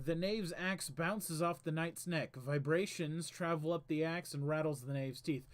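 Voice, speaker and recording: A man's voice: on the high side, moderate pace, hardly any pauses. A man hosting a casual game stream, chatting and reading game text aloud with small stumbles. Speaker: streamer host.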